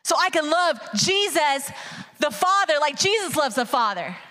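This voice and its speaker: A woman preaching an energetic sermon, animated and hyped, calling out to the congregation as y'all. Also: high-pitched, moderate pace. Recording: long hall reverb.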